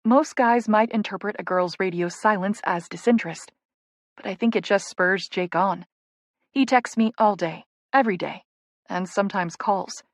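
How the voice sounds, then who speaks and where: A woman narrating a romance audiobook in the first person, in a lively, conversational storytelling manner. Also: mid-range voice, moderate pace, no echo, clean studio sound.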